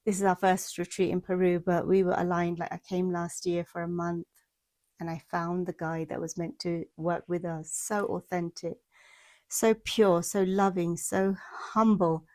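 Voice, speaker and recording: Recorded outdoors in the mountains, a woman gives a spiritual monthly energy forecast in flowing, repetitive lists of affirmations. Her lowish, darkish voice holds a level tone at a moderate pace, and the recording is dry.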